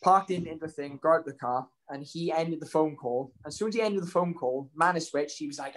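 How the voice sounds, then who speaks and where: A man's voice: a little high, fairly quick, hardly any pauses. A man, telling a story casually as an interview guest, rambling with many ums and restarts. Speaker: guest, professional fighter.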